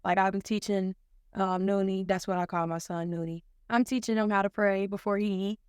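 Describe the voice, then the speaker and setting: A woman's voice: medium pitch, steady tone, a little fast, a little mellow, clean tone, no room sound, clean studio sound. A woman from Cincinnati hosting a casual podcast chat between moms, chatty and laughing often. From Cincinnati, Ohio. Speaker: podcast host.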